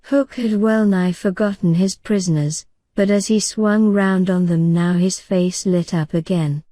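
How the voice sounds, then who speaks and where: A woman narrating an audiobook in a calm, soothing bedtime reading style. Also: lowish voice, measured pace, dry recording.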